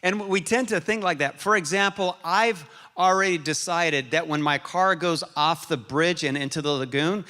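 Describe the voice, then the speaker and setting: A man preaching a sermon as pastor, moving between self-mocking humor and earnest, quiet reflection. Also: on the high side, moderate pace, hardly any pauses. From Arizona, USA. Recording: reverberant hall.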